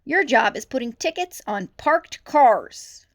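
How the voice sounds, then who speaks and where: A woman's voice: medium pitch, expressive, measured pace, natural voice. A stern male buffalo police chief from a storybook, as a woman reads him. He talks in short, curt orders and barks when he is crossed. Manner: curt, barking commands.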